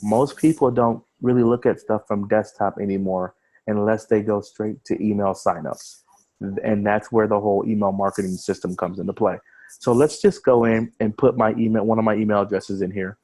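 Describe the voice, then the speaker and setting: A man with a fairly low voice walks listeners through a screen-share webinar. He talks loosely and conversationally over a video call, looping back on words and restarting sentences as he goes. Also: darkish tone, low-quality recording. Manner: casual, repeats words and restarts phrases while explaining. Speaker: online marketing trainer.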